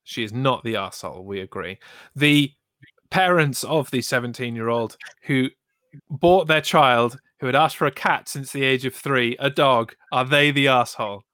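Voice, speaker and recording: Male co-host, measured and deliberate, mid pitch, dry close sound. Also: bright, forceful tone, no room sound. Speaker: podcast co-host. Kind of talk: casual chat.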